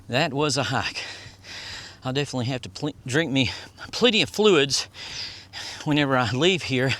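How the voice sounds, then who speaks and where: A man's voice: medium pitch, unhurried, long pauses, fairly bright tone. A man giving casual, rambling touring commentary outdoors and reading signs aloud as he goes. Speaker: vlogger and tour guide. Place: outdoors at a historic site on a hot day.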